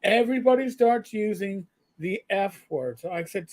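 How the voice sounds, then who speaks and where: A man's voice: high voice, lively intonation, normal speed, darkish tone. A man, a former police sergeant, telling stories in a loose, rambling way with many fillers and blunt swearing. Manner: rambling, frequent fillers and restarts, blunt profanity. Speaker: retired police sergeant, guest. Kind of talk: casual storytelling chat.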